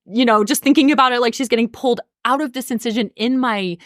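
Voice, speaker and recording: A woman's voice: a little high, fast talker, few pauses, no echo, clean studio sound. A woman in her thirties telling a personal story on a podcast, earnest and emotional, with many casual fillers. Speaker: podcast host.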